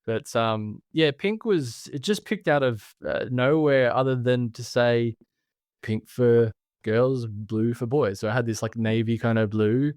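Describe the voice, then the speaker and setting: A man's voice: mid-range voice, a little slow, a little mellow, no echo, clean studio sound. A man in his thirties with an Australian accent, a podcast guest chatting casually and laughing easily. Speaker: podcast guest, branding specialist. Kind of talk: casual conversational interview.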